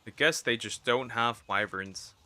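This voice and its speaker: Streamer type: young man, very bright tense tone, rambling gameplay chatter to himself. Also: mid-range voice, unhurried. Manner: rambling, talks to himself while playing. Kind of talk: casual gameplay commentary.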